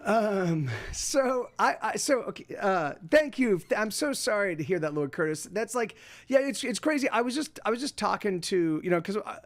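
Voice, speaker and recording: A man's voice: high voice, lively intonation, moderate pace. A middle-aged man chatting to his live stream audience from home, rambling with many restarts and fillers. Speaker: livestream host. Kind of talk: casual chat to a live audience.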